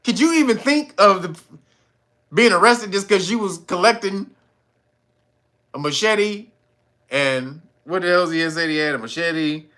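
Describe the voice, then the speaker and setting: A man's voice: high-pitched, lively intonation, measured pace, long pauses, sharp tone. A man doing incredulous, sarcastic commentary on a news story, laughing and swearing as he mocks the officials. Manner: mimics officials in sarcastic voices.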